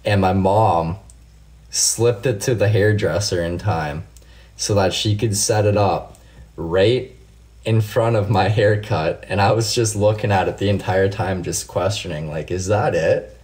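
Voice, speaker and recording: A man with a deep, low-pitched voice chats with his viewers on a late-night live stream. He swears freely and drifts through laid-back stories, answering comments by name as he goes. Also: a little slow, a little mellow. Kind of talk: casual live stream chat.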